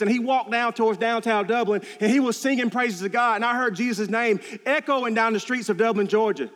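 A man's voice: high-pitched, fairly quick, hardly any pauses, in a large hall. A man preaching a sermon in a church, earnest and storytelling, repeating key phrases for emphasis. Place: church sanctuary.

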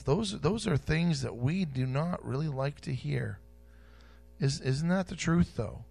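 A man preaching a sermon in a church, repeating key phrases and swinging between loud declarations and soft asides. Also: on the high side, expressive, measured pace, vocal fry, breathy edge.

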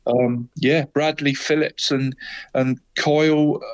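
A man's voice: on the high side, steady tone, slow pace, dull audio. A man co-hosting a casual football chat, rambling through results and tagging nearly every phrase with "mate". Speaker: co-host giving local football results.

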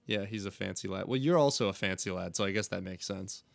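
Low-voiced man with dry teasing banter. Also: quick pace, gravelly, no room sound. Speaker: podcast co-host. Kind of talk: casual chat and comic fanfiction reading.

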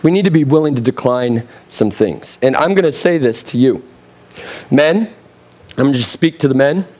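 A man in his thirties preaching a sermon in a direct, conversational way, asking the crowd questions, his voice getting a bit hoarse. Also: mid-range voice, animated, moderate pace, darkish tone. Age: 30s. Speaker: pastor.

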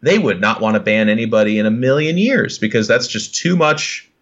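A man's voice: fairly low pitch, lively intonation, fairly quick, a bit bright. Blunt, swearing man on a lo-fi line. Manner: blunt and profane, acts out quoted people. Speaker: podcast guest. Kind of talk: casual podcast chat.

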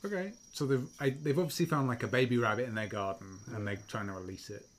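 A man's voice: medium pitch, quick pace, slight background noise. Rambling male podcast co-host. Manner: rambling, lots of fillers and restarts. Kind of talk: casual chat.

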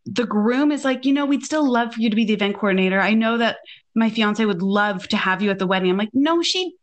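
Talking quickly in a mid-range voice, a thirtysomething woman hosting a podcast relates a casual story, bringing the quoted lines to life with animated delivery.

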